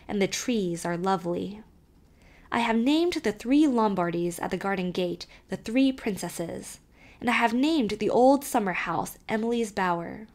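Woman, audiobook narrator, expressive storytelling, medium pitch, lively reading of a child's letter.

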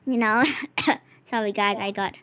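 A woman's voice: mid-range voice, steady tone, a little slow, a bit bright, clean tone. A woman hosting a gaming channel, chatting to a co-player and to viewers as she narrates a role-play game.

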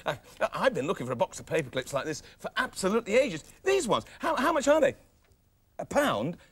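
A man's voice: sits high, very animated, brisk, slightly rough. A man presenting a children's comedy show, talking in a flustered, pleading, comic way. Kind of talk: sitcom comedy acting.

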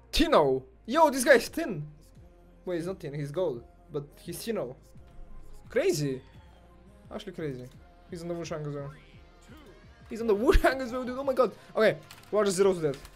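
A young man with a slightly high voice talks through his own match as it happens. He mutters one moment and yells the next, swearing and ranting freely, while music plays faintly underneath. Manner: excitable, swears, rants, swings from mumbling to yelling. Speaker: gamer streamer. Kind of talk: gameplay commentary.

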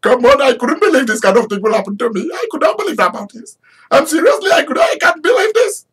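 A preacher voicing an overjoyed, newly promoted man, putting on an Indian English accent and exclaiming rapidly in disbelief. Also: heavily acted. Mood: overjoyed, disbelieving. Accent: Indian English (imitated). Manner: rapid, exclamatory, high and excited.

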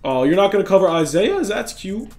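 A young man reacting loudly to every play as he commentates his basketball video game. He trash-talks his opponent and keeps cheering himself on. His voice sits a touch high, with a faint beat underneath. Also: big pitch swings, fairly quick, faint music behind. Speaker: gaming YouTuber.

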